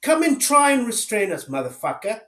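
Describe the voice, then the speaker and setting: A man's voice: high-pitched, sing-song, moderate pace, pushed and bright. A man giving an angry political rant, swearing heavily and firing off sarcastic rhetorical questions. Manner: furious, heavy swearing. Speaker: political commentator. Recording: roomy echo.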